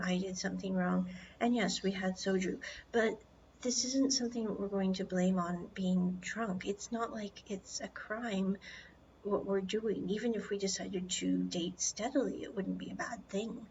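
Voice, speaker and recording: A woman doing a calm, coaxing young man. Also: medium pitch, normal speed, highs cut off, a little hiss or hum, close to an everyday voice.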